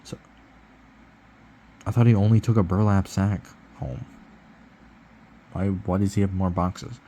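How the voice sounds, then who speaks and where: Low-voiced man reading with snarky asides. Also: fairly even intonation, a little slow, mellow, slight background noise. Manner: sarcastic, swears in asides. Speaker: channel host reading a book aloud. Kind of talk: casual read-aloud with sarcastic asides.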